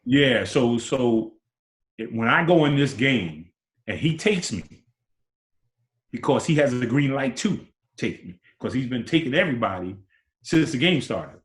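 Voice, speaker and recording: A man in his sixties, a former basketball player, telling stories as an interview guest and acting out quotes with big jumps in pitch. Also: expressive, normal speed. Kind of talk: animated storytelling. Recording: roomy echo.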